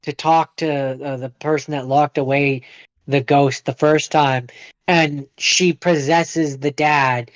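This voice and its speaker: Man, podcast co-host, casual halting chat, dry room, lo-fi muffled mic. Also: fairly high pitch, fairly even intonation, dry recording. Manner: halting, hedging, lots of fillers.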